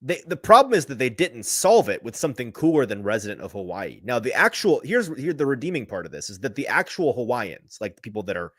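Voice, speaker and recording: A man's voice: medium pitch, sing-song, fast talker, hardly any pauses, dry recording, clean studio sound. A man hosting a casual sports podcast, rambling through a tangent with chuckling, self-deprecating asides. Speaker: podcast host.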